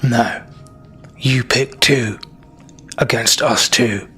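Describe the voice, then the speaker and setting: A man's voice: medium pitch, very slow, bright, forceful tone, husky, soft background music, exaggerated voice. A man voicing a huge, tough male bugbear who bosses his bowling team around in a tabletop game. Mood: gruff.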